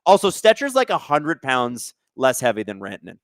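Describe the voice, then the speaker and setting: Excitable sarcastic man calling hockey live. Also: mid-range voice, normal speed, dry recording, clean studio sound. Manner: excitable and sarcastic, swears, rants at the refs. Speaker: host of a live hockey watch-along stream. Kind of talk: casual live game commentary, reading chat comments.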